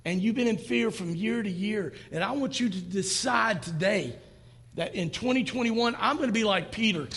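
A man's voice: sits high, moderate pace, creaky, fairly bright tone, in a large hall. A man in his fifties preaching a sermon to a church congregation, talking in a conversational way and acting out quoted lines. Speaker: pastor. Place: church sanctuary.

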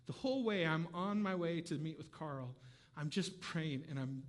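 Preaching at a normal speed, this pastor has a somewhat high voice. He tells a story in a chatty way, adding asides, and ranges from hushed passages to almost shouting.

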